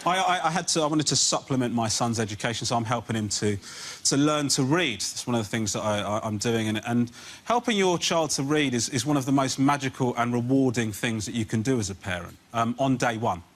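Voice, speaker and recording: A man's voice: mid-range voice, a little fast, noisy background. A man performing a stand-up comedy routine, ranting in exasperation.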